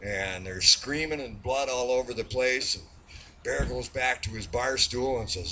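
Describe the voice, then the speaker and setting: A man's voice: mid-range voice, a little slow, pushed and bright, slight background noise. A man telling a long, rambling joke in a bar, folksy and drawn out with lots of fillers. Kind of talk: rambling storytelling.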